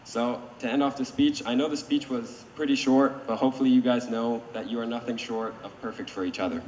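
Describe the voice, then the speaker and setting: A man's voice: mid-range voice, steady tone, fairly quick, darkish tone. Earnest man toasting from afar in a hall. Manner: brief, earnest, slight stumbles. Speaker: bride's brother. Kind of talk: wedding toast. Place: wedding reception hall. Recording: distant voice in an echoey hall, faint noise.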